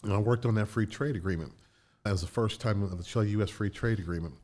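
Older man, low voice, interview guest, animated storytelling, laughs between restarts. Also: quick pace. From Indiana, USA.

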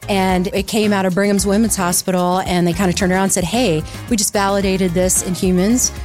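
A woman's voice: mid-range voice, steady tone, fairly quick, darkish tone, faint music behind. Explanatory woman interview guest. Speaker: guest, startup co-founder and CEO. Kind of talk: conversational interview answers.

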